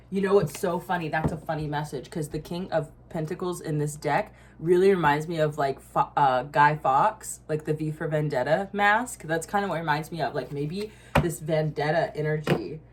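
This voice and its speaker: A woman's voice: low-pitched, normal speed, a little hiss or hum. A woman giving a casual tarot reading, blunt and profane, with frequent asides and laughs. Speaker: tarot reader.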